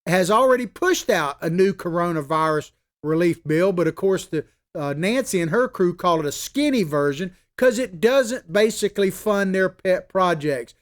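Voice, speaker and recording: Male talk-show host, high-pitched voice, emphatic, folksy political commentary. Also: lively intonation, moderate pace. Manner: emphatic, repeats points for stress; folksy asides and fillers.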